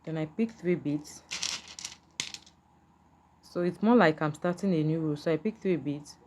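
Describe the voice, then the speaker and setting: A woman walks through a beading craft one step at a time, patient and repetitive, often checking whether the viewer can follow. Her voice sits low, and a faint hum of room noise runs underneath. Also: measured pace, a little mellow. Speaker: beading tutor.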